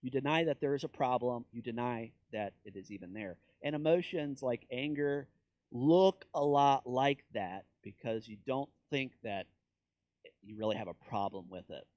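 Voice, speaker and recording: A male pastor from Kansas delivers a conversational sermon, bursting into loud, high emphasis, dropping into low asides, and mocking the voices he quotes. He speaks at a moderate pace on a dry, lo-fi recording.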